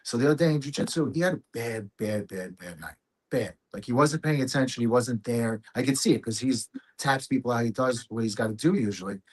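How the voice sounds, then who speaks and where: A man's voice: medium pitch, brisk, slightly rough. A man speaking as a guest on a casual video call, upbeat and telling stories. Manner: upbeat, storytelling.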